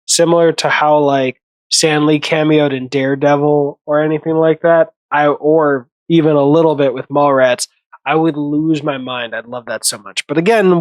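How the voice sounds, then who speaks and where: A man's voice: on the high side, no echo. A man hosting a casual movie commentary, rambling, correcting himself and laughing often.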